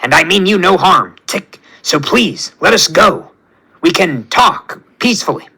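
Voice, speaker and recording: A man voicing a hot-headed, aggressive male raccoon who talks gruffly and threateningly. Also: high voice, animated, measured pace, bright, forceful tone, exaggerated voice. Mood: calm.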